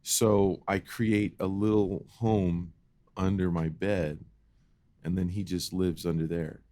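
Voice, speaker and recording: A man co-hosting a podcast, telling a childhood story in an animated, casual way and acting out the voices. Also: sits low, slow pace, dry recording. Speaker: podcast co-host.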